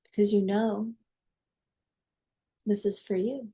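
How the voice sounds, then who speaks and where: A woman teaching energy healing. She leads a guided meditation in a soft, coaxing way, with prayer-like invocations. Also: mid-range voice, steady tone, slow.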